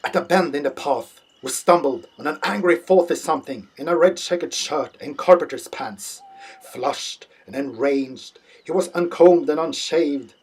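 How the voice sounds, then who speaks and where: Husky man reading deadpan. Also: fairly high pitch, normal speed. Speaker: audiobook narrator. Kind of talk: literary audiobook narration.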